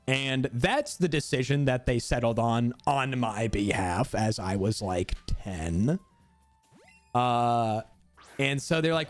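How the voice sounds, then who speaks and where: A young man streaming, casually telling a story while gaming, animated and cursing freely with frequent laughter. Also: medium pitch, unhurried, no room sound, faint music behind.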